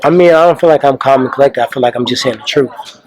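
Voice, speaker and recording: A calm, unhurried man answers questions at a press conference. His talk is casual and full of slang, with a medium-pitched voice. He sounds laid-back and steady. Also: a little hiss or hum. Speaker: fighter.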